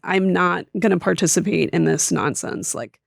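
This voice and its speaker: A woman's voice: lowish voice, fairly even intonation, normal speed, creaky, no room sound, clean studio sound. A woman guest on a gossip podcast who chats casually and gives blunt, opinionated takes.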